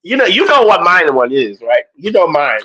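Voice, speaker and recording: A man with a high, very lively voice hosts a casual chat. He talks playfully, laughs often and jumps into excited squeals. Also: normal speed, breathy edge, rough recording. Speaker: podcast host.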